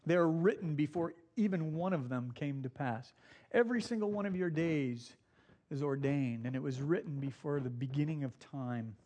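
A middle-aged male pastor preaching a sermon in a slightly high voice. He tells stories, acts out the quotes, and slows right down to stress the points he wants to land. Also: a little mellow. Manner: storytelling with acted quotes, slows for emphasis.

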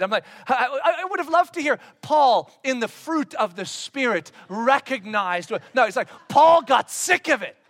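A man preaching a sermon in an animated way, breaking into shouted acted-out lines. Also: very high voice. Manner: animated, acts out voices with sudden shouts. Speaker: pastor.

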